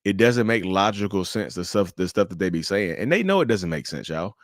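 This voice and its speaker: A man hosting a casual livestream, animated and joking, often stumbling and restarting as he answers viewers' questions. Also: sits low, fairly quick, no echo, studio quality. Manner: addresses viewers as y'all, answers chat questions. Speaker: livestream host.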